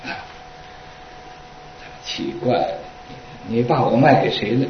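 A man, a Buddhist monk teacher, telling a story in an unhurried dharma talk with frequent fillers. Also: mid-range voice, a little hiss or hum. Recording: echoey, distant, dull lo-fi recording.

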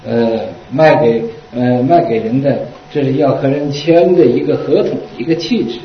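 A man, a Buddhist monk teacher, telling a story in an unhurried dharma talk with frequent fillers. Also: mid-range voice, a little hiss or hum. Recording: echoey, distant, dull lo-fi recording.

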